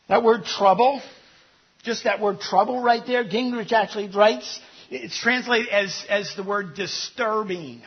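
A man's voice: extremely high pitch, husky, dull audio. A man preaching a sermon, conversational, throwing rhetorical questions at his congregation. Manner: conversational with asides. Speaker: pastor.

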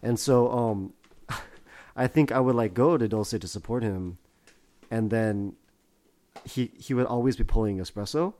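Laughing storyteller man, low voice. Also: a little slow, pauses often. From New Jersey. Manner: animated storyteller, laughs often. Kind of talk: casual chat.

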